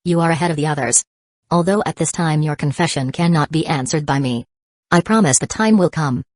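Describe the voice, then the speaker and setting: A woman reading as a calm young man. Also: low-pitched, a little fast, no echo. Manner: calm, even delivery.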